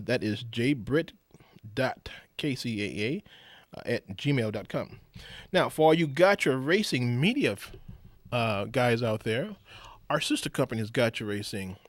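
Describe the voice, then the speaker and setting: A man hosting a live radio talk show, shifting from a booming announcer voice to a loose, rambling chat full of fillers. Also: no room sound, studio quality. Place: radio studio.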